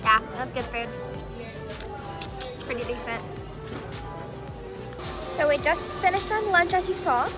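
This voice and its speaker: A woman's voice: high-pitched, expressive, unhurried, pauses often. A young woman vlogging at an outdoor theme park, chatty and giggly, filming on a handheld phone. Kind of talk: casual vlog chat. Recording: loud crowd and music noise.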